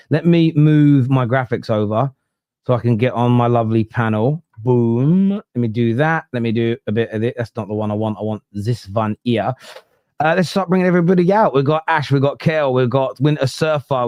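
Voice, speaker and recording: Chatty football podcast host, dry sound. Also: male voice, medium pitch, a little mellow, no room sound, highs cut off. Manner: chatty, frank, reacts to viewer messages. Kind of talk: casual live-stream chat.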